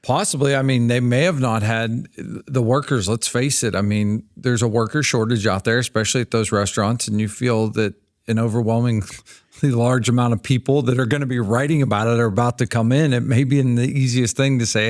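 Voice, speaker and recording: A man's voice: mid-range voice, steady tone, brisk, dry recording, studio quality. Chatty man telling a story. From Pennsylvania-Ohio border. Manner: chatty storyteller, retells scenes with quoted voices. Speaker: podcast co-host. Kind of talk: casual chat.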